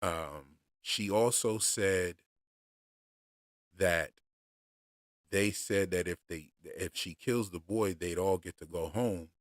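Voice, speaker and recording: A man chatting casually on a livestream about show theories, relaxed and unhurried, with lots of fillers and restarts. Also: low voice, dry recording, studio quality. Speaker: streamer discussing show theories.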